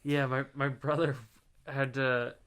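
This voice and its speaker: Bright-voiced young man chatting. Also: medium pitch, little pitch movement, slow pace, smooth. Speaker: podcast co-host. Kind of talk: casual chat.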